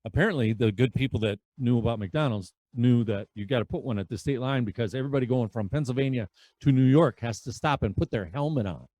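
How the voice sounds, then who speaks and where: A man in his fifties telling road stories as a podcast guest, animated and acting out the dialogue. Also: medium pitch, fast talker, no room sound. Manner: animated storyteller who acts out dialogue. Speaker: podcast guest, veterans' charity rider. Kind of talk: conversational storytelling.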